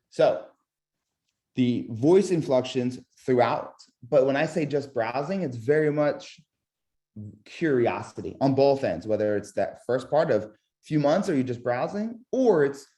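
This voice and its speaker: A man with a mid-range voice coaches a webinar on sales calls at a measured pace, using demo calls to model tone of voice. He's lively, demonstrating vocal tonality and quizzing his audience with questions.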